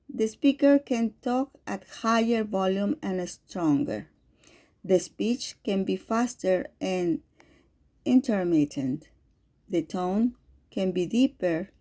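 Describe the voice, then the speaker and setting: A woman whose first language is Spanish, reading a lecture with spoken examples in a slow, careful way. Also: mid-range voice, dark tone. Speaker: teacher.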